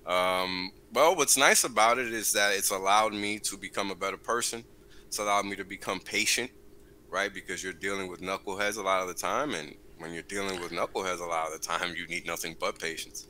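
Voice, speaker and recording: A man joining a livestream as a guest, speaking earnestly and filling pauses with "um" and "right?". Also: deep voice, bright, forceful tone, slight background noise, low-quality recording. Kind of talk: casual livestream chat.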